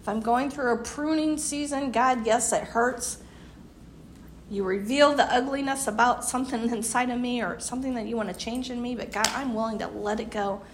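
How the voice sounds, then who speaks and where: A woman's voice: fairly high pitch, normal speed, slight background noise. A woman in her fifties giving an earnest devotional talk, laughing now and then, losing her voice. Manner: earnest, laughs often, voice dips quiet at ends. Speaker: women's group speaker.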